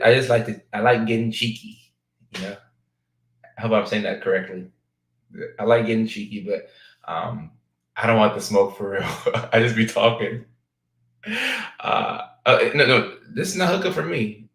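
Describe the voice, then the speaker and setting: A man chatting casually as a talk show guest, playful and joking at times, halting and hesitant at others. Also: fairly low pitch, creaky, a bit bright, echoey room, rough recording. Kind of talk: casual chat.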